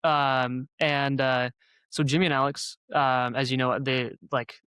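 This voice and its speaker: A man's voice: medium pitch, flat delivery, measured pace, bright, forceful tone, clear, resonant tone, no echo. A man from North Dakota, a podcast guest who talks in loose, rambling sentences. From North Dakota, USA. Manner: rambling, many fillers and restarts. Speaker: guest, co-founder and software engineer. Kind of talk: casual podcast conversation.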